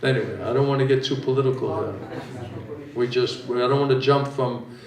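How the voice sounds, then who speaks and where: A man's voice: medium pitch, fairly even intonation, fairly quick, crowd noise. A man giving an informal spiritual talk, answering questions in a chatty, joking way. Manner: chatty, joking, conversational teaching. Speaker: spiritual teacher. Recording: echoey hall from far off, audience.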